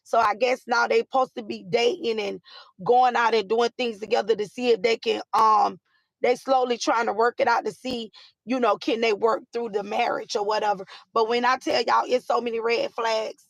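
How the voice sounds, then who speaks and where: A woman hosting a casual live chat with viewers, animated and repetitive, with many fillers. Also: a little high, normal speed, gravelly, dry recording. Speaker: live stream host.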